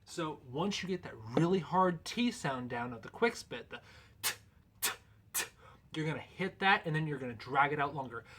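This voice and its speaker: A man's voice: on the high side, lively intonation, normal speed, pushed and bright, slight background noise. A man in a casual instructional video, explaining goose calling in a loose, folksy, conversational way.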